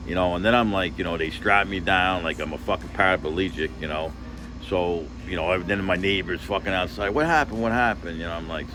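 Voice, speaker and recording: A man's voice: low-pitched, steady tone, brisk, background noise. A man telling a personal story in a casual, rambling, emotional way, swearing heavily and leaning on fillers.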